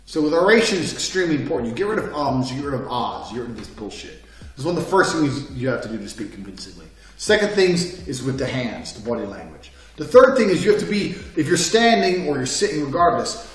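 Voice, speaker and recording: Guy lecturing, blunt and sweary, pretty high voice, sounds far off in a big echoey room. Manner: forceful, blunt and profane. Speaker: instructor. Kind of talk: lecture course.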